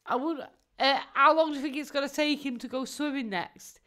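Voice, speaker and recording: A woman, a live streamer chatting casually and mocking her subject. Her voice sits a little high, and she laughs often and swears without a second thought. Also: fairly quick, pushed and bright.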